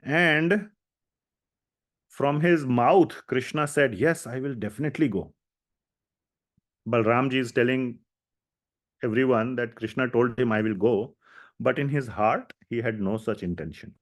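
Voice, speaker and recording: A man leads a scripture class, recounting the dialogue of the story at an easy, conversational pace. His voice sits in an ordinary middle register, and he pauses with small fillers while he explains. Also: mid-range voice. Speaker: lecturer.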